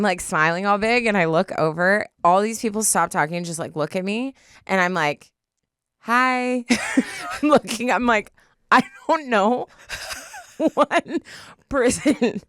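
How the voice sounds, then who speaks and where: A young woman co-hosts a podcast and tells a story in lively casual chat, her pitch leaping up when she acts out her own lines. Her voice is clear and smooth, a touch low for a woman. The mic sound is close and dry. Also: dry recording. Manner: animated, jumps high when acting out her own quotes. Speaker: podcast co-host.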